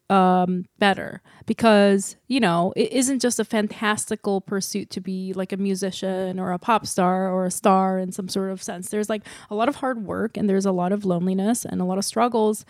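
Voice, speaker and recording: A woman's voice: mid-range voice, darkish tone, no room sound, clean studio sound. Chatty, rambling woman podcast host. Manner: chatty, rambling, self-deprecating. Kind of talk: casual podcast chat.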